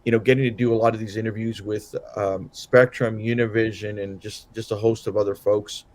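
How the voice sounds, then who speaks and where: A man with a fairly low voice co-hosts a casual political podcast, worn out after a late night. He rambles, restarting his sentences and leaning on fillers as he recaps the evening. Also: little pitch movement, brisk, darkish tone. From Southern California. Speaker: podcast co-host.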